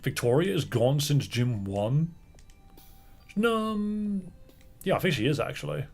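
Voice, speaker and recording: A man's voice: fairly high pitch, expressive, slow pace, creaky, soft background music. A man streaming a fangame, chatting casually and muttering asides to himself as he plays. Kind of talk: casual gaming commentary and reading dialogue aloud.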